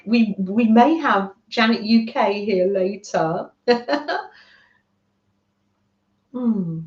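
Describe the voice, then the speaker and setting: A woman's voice: medium pitch, extremely slow. A middle-aged woman from the UK hosting a craft livestream, gushing and chatting with her viewers. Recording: roomy, dull lo-fi home stream audio.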